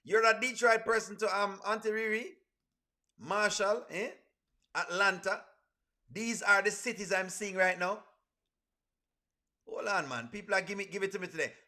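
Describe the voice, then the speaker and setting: A man's voice: high voice, moderate pace, pauses often. A man hosting a casual live stream, chatting with his audience and reading their comments aloud. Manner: reads viewer comments aloud, shouting out cities; chatty, addresses viewers as friends.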